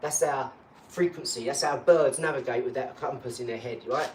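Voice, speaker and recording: A man talking in a casual live chat, rambling and boastful, breaking into animated rants. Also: medium pitch, normal speed. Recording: echoey room, far from mic, faint hum.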